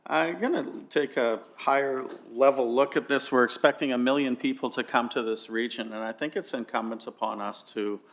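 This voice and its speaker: A man with a mid-range voice speaks as mayor in a council meeting. His delivery is measured, stepping back to take the wider view. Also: medium pitch, a bit bright.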